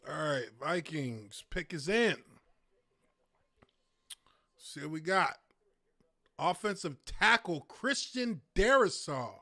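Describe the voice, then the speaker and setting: Higher-voiced male co-host, bright tone, dry sound, mutters casually. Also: slow, long pauses, no room sound. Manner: muttering to himself, relaxed and profane. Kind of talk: casual livestream chat.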